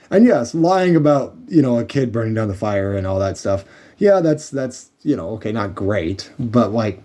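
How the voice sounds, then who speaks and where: A man giving a casual, rambling recap of a show, full of ums and sarcastic asides. His voice is mellow and a little husky, and his pitch swings up and down a lot as he jokes. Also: very animated, measured pace. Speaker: show reviewer.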